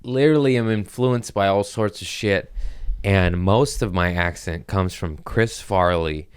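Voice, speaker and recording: A male comedian hosting a podcast, talking in a loose, rambling way and sliding into goofy put-on voices. His voice sits low and sounds smooth and clean. The talk is casual and full of jokes. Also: unhurried, no room sound, studio quality. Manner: rambling, jokey, slips into silly voices. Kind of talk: casual chat.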